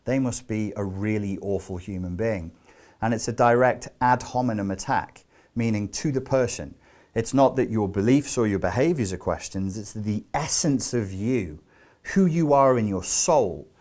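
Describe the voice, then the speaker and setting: Low-voiced man lecturing emphatically. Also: expressive, moderate pace, darkish tone. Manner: emphatic, explanatory, with rhetorical questions; loose and conversational with fillers and asides. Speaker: self-help teacher. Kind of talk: spoken lecture.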